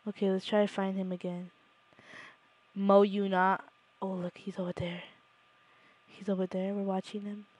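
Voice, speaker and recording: A young woman streaming a game, chatting playfully and swinging from hushed spy whispers to loud shrieks. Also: mid-range voice, little pitch movement, moderate pace, long pauses, highs cut off. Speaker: gaming streamer. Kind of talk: casual live-stream commentary.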